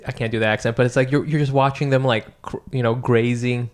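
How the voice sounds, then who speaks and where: A man co-hosting a podcast in casual chat, relaxed and playful, swearing casually while telling stories. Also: mid-range voice, fast. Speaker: podcast co-host.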